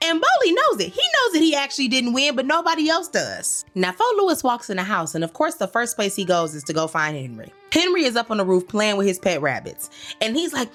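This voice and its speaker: A woman's voice: a little high, sing-song, a little fast, fairly bright tone, soft background music. Playful woman in her thirties recapping. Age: 30s. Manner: playful, slangy storytelling with asides. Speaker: episode recap host. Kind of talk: comedic episode recap commentary.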